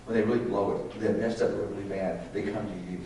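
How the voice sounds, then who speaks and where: A man's voice: lowish voice, steady tone, fast talker, mellow, a little hiss or hum. An older man teaching a parents' Sunday school class in a conversational way, often asking the class questions. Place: church classroom. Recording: echoey room from far off.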